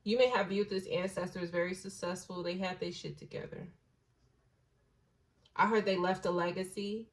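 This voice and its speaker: A woman giving a casual intuitive tarot reading, slangy and blunt, musing aloud and dropping into soft hushed asides. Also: fairly low pitch, steady tone, moderate pace, pauses often, poor audio. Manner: slangy and blunt, with occasional swearing. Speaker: tarot reader.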